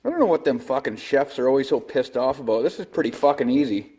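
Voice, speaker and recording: A man's voice: mid-range voice, lively intonation, fast talker, mellow, slightly rough. A man, giving a crude, swear-filled mock-serious how-to as a comedy vlog host in a shop. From Canada. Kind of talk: profane deadpan comedy monologue. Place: shop or garage.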